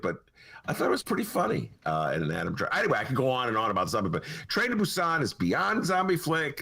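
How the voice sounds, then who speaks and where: A man in his sixties hosts a casual podcast chat, with a voice that rises and falls in lively swings. He talks in an opinionated, rambling way, jumping from one thing to the next. His pitch sits in the middle for a man. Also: gravelly, husky. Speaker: podcast host.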